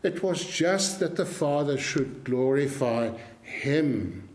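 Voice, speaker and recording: Slow, emphatic male preacher. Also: a little high, animated, a little mellow. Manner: slow, earnest and emphatic, repeating key phrases. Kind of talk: sermon.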